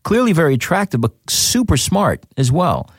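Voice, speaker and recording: A man's voice: a little high, moderate pace, breathy edge, no room sound, studio quality. A man, an actor, chatting casually in an interview and telling stories with lots of fillers. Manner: animated, storytelling with many fillers. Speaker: actor guest.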